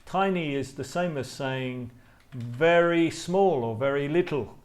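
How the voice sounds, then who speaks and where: A man teaching a class live online, slowly repeating words for learners. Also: on the high side. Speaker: English teacher.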